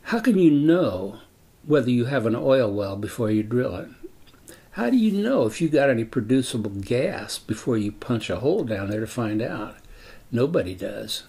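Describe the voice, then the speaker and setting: Gravelly elderly man recounting a memory. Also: mid-range voice, very animated, dark tone. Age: 80s. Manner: measured, deliberate reminiscing. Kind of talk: personal storytelling.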